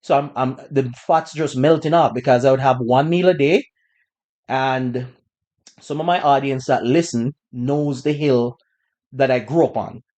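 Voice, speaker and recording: A man hosting a podcast, telling a personal story in a relaxed, conversational way with bursts of laughter. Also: medium pitch, unhurried. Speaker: podcast host. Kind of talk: casual storytelling.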